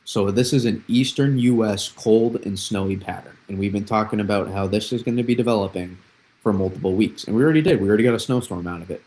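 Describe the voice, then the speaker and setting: A man's voice: fairly low pitch, a little mellow, poor audio. A young man hosting a live weather analysis stream, explaining patterns with repeated phrases and frequent restarts. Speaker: weather forecaster, host.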